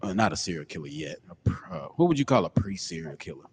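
Male co-host, lively swooping delivery, breathy low bits, reverberant room. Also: quick pace, slight background noise. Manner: animated storyteller who slips into low, breathy put-on voices. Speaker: podcast co-host. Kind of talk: casual comedic chat.

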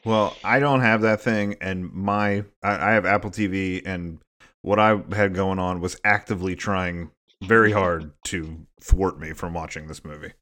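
A man co-hosting a podcast whose voice sits a little low. He rambles and often restarts his sentences in relaxed, casual chat. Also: moderate pace. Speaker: podcast co-host.

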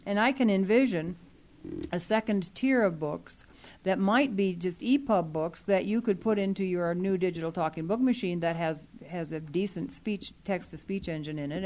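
Woman, lowish voice, earnest meeting talk, explains at length with fillers. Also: darkish tone. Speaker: library program staff speaking to a user group. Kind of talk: meeting discussion.

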